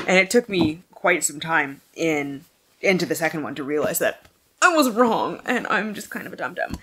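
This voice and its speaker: At home, a woman with a lowish voice films a casual book wrap-up vlog, scattered and jumping between thoughts while swearing freely and laughing often. There's slight background noise.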